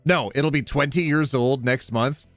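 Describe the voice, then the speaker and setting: A man's voice: mid-range voice, unhurried, dry recording, soft background music. A man chatting casually on a livestream, joking and laughing often. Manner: giggly, joking and animated, with playful put-on voices. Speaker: streamer.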